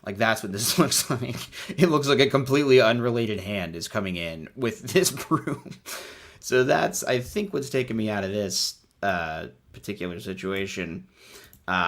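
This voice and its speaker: A man's voice: fairly low pitch, expressive, normal speed, a bit bright. A man hosting a casual, irreverent comedic commentary, laughing often as he talks. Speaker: host.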